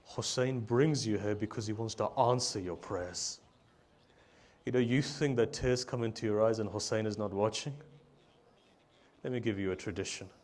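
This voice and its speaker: A man with a fairly low voice delivers a sermon as emotional storytelling. He swells loud for emphasis, then sinks to soft, slow lines. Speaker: preacher. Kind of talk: majlis sermon.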